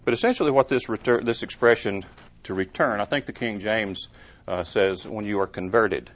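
A man's voice: fairly low pitch, moderate pace. Earnest male preacher, muffled lo-fi recording. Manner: earnest, with emphatic rises and rhetorical questions. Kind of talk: sermon.

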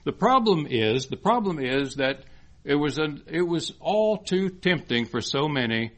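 A man's voice: on the high side, big pitch swings, unhurried. A man preaching a sermon in an earnest teaching manner, often repeating phrases and lifting his voice on scripture quotes.

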